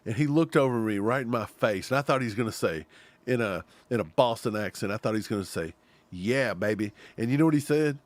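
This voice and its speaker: A man's voice: mid-range voice, fast, dry recording. A man from Kentucky co-hosting a fan show, joking in casual livestream banter. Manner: animated, joking.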